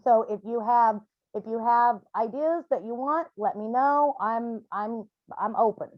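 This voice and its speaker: A woman's voice: fairly high pitch, unhurried, no room sound. Woman hosting a healing group over a video call: candid, chatty, plenty of ums, dry dull audio. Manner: candid and chatty, with frequent "um" and restarts. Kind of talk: casual talk on a video call.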